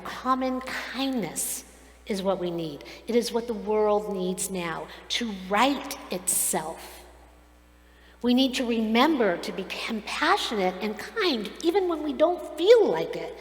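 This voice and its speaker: A woman rabbi gives a sermon with earnest, expressive storytelling, slipping into the voices of the people she quotes. Her voice sits a little high. The sound is roomy, with a long reverb trailing off in a large hall. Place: synagogue sanctuary.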